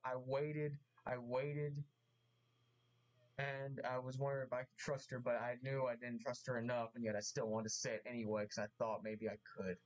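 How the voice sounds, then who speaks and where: Guy doing an apology vlog, halting, keeps restarting, earnest, average pitch. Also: poor audio. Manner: halting, repeats himself, earnest and emotional. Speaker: vlogger. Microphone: mask on, camera vlog.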